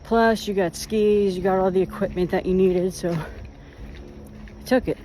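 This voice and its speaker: Mellow-voiced vlogger telling stories. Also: mid-range voice, steady tone, a little slow, a little hiss or hum. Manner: rambling, self-mocking anecdotes. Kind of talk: casual storytelling on a walk. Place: outdoors, walking.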